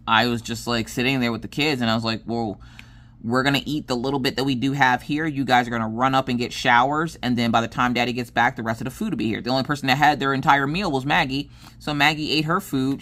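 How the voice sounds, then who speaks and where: A woman in her thirties, a crafting vlogger, casually telling a family story and acting out what everyone said. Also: very deep voice. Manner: animated, acts out quoted dialogue.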